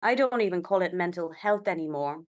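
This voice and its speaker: A woman's voice: fairly low pitch, expressive, fairly quick. A woman in her thirties from India, chatting as a podcast guest in a rambling, conversational way. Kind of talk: casual conversational interview.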